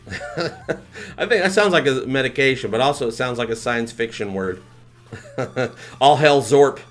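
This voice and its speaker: A man hosting a live stream, chatting casually and excitedly, rambling and thanking his viewers. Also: medium pitch, a little slow. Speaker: livestream host.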